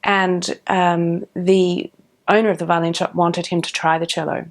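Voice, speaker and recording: A middle-aged woman tells her story in a relaxed interview. Her voice sits on the lower side, and she talks with many ums and small restarts. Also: a little slow. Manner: warm, animated, with frequent ums and restarts. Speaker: professional orchestral cellist.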